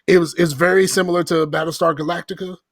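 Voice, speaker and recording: A man co-hosts a podcast and talks in a relaxed, rambling way, swearing now and then. His voice sits a little high for a man. The recording is dry and close-miked. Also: fast, vocal fry, dry recording. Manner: laid-back, rambling, swears casually. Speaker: podcast co-host. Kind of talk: casual chat.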